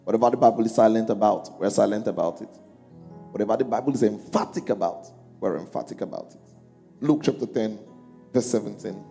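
His pitch fairly low and his tone dark and creaky, the pastor speaks a little fast. During the sermon he calls questions out to the congregation, who read along, and lifts his voice when reading scripture; music runs under a long, echoing hall.

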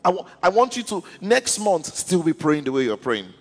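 Pastor, man, fairly high voice, sermon style, stammers and checks in with the crowd; echoing hall. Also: very animated, moderate pace. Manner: repeats "are you listening" to the congregation; stammers and restarts words. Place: church.

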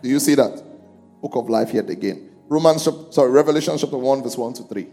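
A man's voice: mid-range voice, fast talker, warm tone. A man preaching a sermon in a church, calling out questions to the congregation and lifting his voice to read scripture aloud. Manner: calls out questions to the congregation, lifts his voice when reading scripture. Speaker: pastor. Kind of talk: sermon with congregation reading along. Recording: music under a long echoing hall.

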